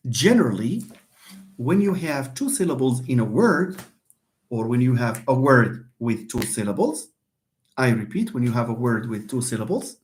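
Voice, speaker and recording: A Moroccan man teaches English in an online classroom, his medium-pitched voice rising and falling animatedly. Patient and repetitive, he repeats key points, switches between English and Darija, and calls on students by name.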